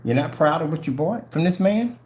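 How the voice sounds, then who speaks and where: A man's voice: a little high, expressive, brisk, a little mellow. A man hosting a livestream, confronting viewers in a taunting way and repeating the same challenging questions over and over. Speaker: channel host.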